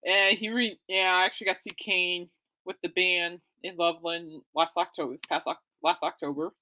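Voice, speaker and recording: A woman hosting her own podcast, rambling casually and excitably, often correcting herself. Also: on the low side, brisk. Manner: chatty, excitable, self-correcting. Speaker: podcast host.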